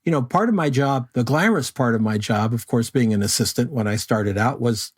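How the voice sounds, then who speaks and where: Older male guest, mid-pitched voice, easygoing anecdotal delivery, casual interview. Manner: unhurried anecdotal storyteller. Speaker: guest photographer.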